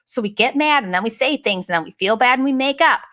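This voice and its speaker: Woman podcaster ranting through a story, swears a lot, does little voices for people, kinda high voice. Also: fast. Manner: profane, animated, mimics people she quotes. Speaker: podcast host. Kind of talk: casual storytelling monologue.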